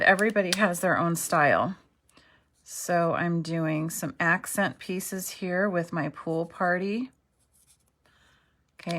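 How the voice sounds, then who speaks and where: A woman's voice: on the low side, background noise. A middle-aged woman teaching a card-making craft tutorial, chatty and self-deprecating, often checking in with "okay". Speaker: craft instructor.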